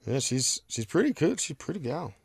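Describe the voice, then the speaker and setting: A man's voice: on the high side, very animated, brisk, dry recording. A man hosting a casual podcast chat, making dry jokes and reading out chat comments. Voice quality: gravelly. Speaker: podcast host.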